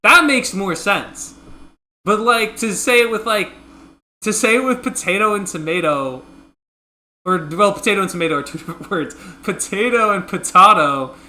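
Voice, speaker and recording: A man co-hosting a casual sports chat show, animated and teasing, laughing often. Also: high voice, moderate pace. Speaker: podcast co-host.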